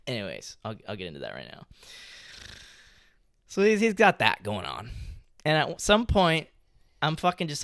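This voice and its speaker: Animated, swearing young man from California. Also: medium pitch, smooth, no echo, clean studio sound. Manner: animated storytelling, heavy swearing. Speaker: podcast co-host. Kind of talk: casual chat.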